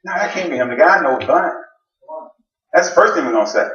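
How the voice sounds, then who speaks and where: Preacher: man, high and very animated delivery, joking storyteller, recorded far off in a roomy church. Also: fairly quick, highs cut off. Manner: animated storytelling with jokes and shouted exclamations. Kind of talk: sermon. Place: church sanctuary. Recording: roomy church sound from a distant mic.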